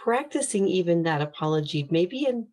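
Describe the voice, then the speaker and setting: A woman's voice: fairly low pitch, lively intonation, normal speed, darkish tone. A woman hosting a podcast interview, who adds thoughtful points and asks follow-up questions. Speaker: podcast host.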